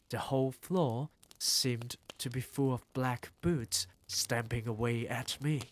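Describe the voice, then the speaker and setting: A man reads a storybook aloud on a live stream at an unhurried pace. His pitch sits in a middle range, and he narrates with care. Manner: slow, deliberate narration with acted-out quotes. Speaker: streamer reading a novel aloud.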